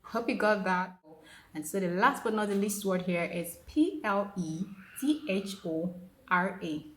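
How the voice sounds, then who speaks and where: A woman teaching pronunciation in a casual video lesson, lively and coaxing, drilling each word by repetition. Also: mid-range voice, a little slow. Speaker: pronunciation tutor. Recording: roomy echo.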